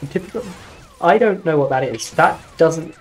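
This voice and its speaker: A man's voice: fairly high pitch, expressive, moderate pace, faint music behind. A British man chatting casually and wryly while playing a game with friends, rambling a little. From Britain. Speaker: gamer streaming with friends. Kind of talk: casual gameplay chat.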